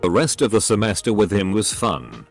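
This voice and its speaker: Reading posts in steady, scripted narration, a man with a low, gravelly voice keeps a moderate pace. His wide pitch movement lends the reading a lively lilt, while soft music sits faintly in the background.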